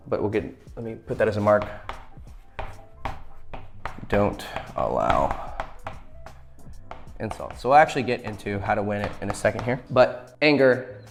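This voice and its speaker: A man giving blunt, profane dating advice in a casual lecture, acting out quoted lines as he goes. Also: on the low side.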